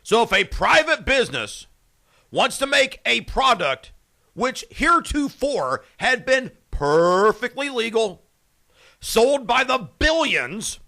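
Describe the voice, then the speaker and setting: A man hosting a morning radio show, excitable and jokey with rapid asides. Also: extremely high pitch, vocal fry. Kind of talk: casual radio chat.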